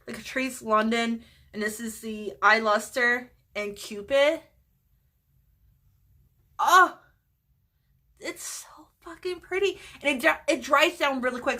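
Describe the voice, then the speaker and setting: A woman's voice: fairly high pitch, pushed and bright. A woman chatting casually in a makeup vlog, gushing over products, swearing freely and dropping into whispers. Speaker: beauty vlogger.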